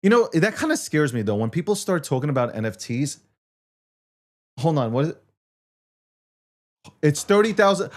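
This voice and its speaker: A man's voice: high voice, animated, moderate pace. A man hosting a casual market talk show, ranting in a profane, self-mocking way. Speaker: show host.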